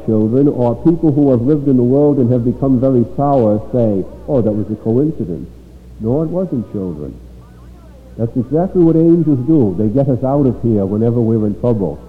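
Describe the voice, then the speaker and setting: A man's voice: medium pitch, animated. Man preaching in an echoing hall. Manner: slow storytelling with dramatic pauses. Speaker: preacher to children. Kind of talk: sermon. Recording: tinny phone-like sound in a long-reverb hall.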